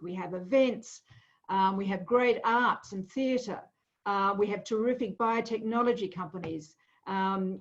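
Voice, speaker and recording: A woman's voice: medium pitch, lo-fi sound. A woman speaking earnestly and upbeat about her city, with frequent fillers, on a video call. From Melbourne. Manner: earnest, upbeat civic talk with many fillers.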